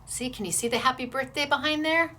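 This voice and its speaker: A woman's voice: high voice, fairly quick, bright, forceful tone, slight background noise. A middle-aged woman hosting a crafting tutorial, bubbly and encouraging as she gushes over her projects. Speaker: crafting show host.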